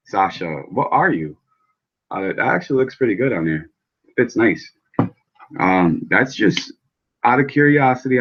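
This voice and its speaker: Low-voiced man, rambling and profane. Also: muffled recording. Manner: rambling and profane, chatting to viewers by name. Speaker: vape channel host. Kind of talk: casual live chat while building coils.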